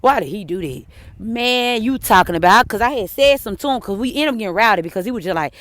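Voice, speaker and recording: A woman telling a personal story to her viewers, blunt and cursing, swinging between heated outbursts and hushed apologies. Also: medium pitch, lively intonation, fast, no room sound. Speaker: vlogger. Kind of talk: emotional personal storytelling to camera.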